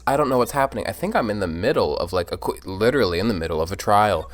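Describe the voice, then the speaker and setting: Drunk, lively-voiced man rambling over a game. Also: lowish voice, quick pace, few pauses, no echo. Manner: rambling, crude and giggly. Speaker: let's play host. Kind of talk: let's play commentary, reading game dialogue aloud.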